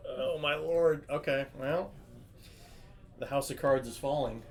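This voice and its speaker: A man calling a live card game at a card shop, reacting quickly and excitedly to each play. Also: fairly high pitch. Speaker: play-by-play commentator.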